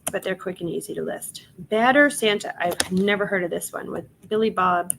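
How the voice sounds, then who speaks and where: A woman's voice: lowish voice, normal speed, gravelly, a bit bright, slight background noise. A woman hosting a casual reselling livestream, chatting with viewers while she lists items and laughing often. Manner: chatty, laughs often, reads chat aloud.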